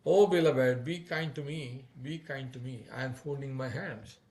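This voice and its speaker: A man voicing a charming young male divine lover who flatters and pleads in a raised, louder voice. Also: on the high side, moderate pace, natural voice. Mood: coaxing.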